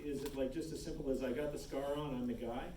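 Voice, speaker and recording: A man with a mellow, dark voice moderates a panel and asks long, winding questions. The sound comes from a distance in a big echoing room. A faint hum of noise sits behind him. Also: mid-range voice, steady tone, fast talker. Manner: rambling, hedging questions. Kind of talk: interview questions. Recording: echoey hall, distant mic, faint noise.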